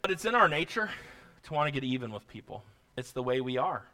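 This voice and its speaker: A man's voice: mid-range voice, very animated, fast, pushed and bright. A man preaching a sermon, quoting scripture and pressing his points with rising emphasis, with a folksy, self-deprecating aside. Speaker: pastor.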